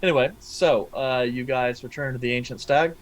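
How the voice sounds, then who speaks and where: A man narrating a tabletop game as game master, pausing often with ums and uhs. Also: medium pitch, rough recording. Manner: hesitant, many ums and uhs.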